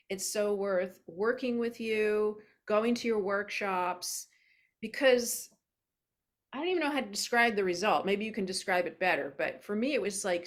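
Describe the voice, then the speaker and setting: Woman host telling a heartfelt story, chatty, mid pitch. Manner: warm, emotional, chatty storytelling. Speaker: podcast host. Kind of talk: casual interview.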